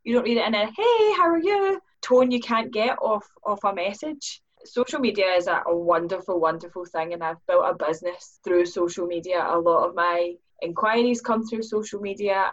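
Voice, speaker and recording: A woman's voice: lowish voice, steady tone, normal speed, hardly any pauses, lo-fi sound. A woman, a business owner, speaking earnestly as a podcast guest and acting out her own inner questions in livelier voices. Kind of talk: podcast conversation.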